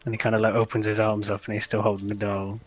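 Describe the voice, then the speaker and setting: A man's voice: on the low side, monotone, quick pace. A man playing a tabletop game, chatting casually and filling his sentences with "like". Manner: casual, rambling with "like". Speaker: player.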